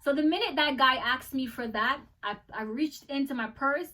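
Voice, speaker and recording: A young American woman telling a travel story in a casual vlog, animated and acting out the people she met. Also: high voice, moderate pace, far from the mic. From United States. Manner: animated, acts out voices in the story. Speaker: travel vlogger.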